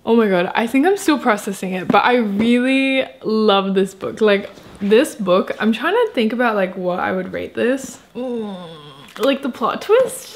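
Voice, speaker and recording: A young woman chatting casually in a vlog about books, rambling and enthusiastic with lots of filler words. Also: mid-range voice. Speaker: book vlogger.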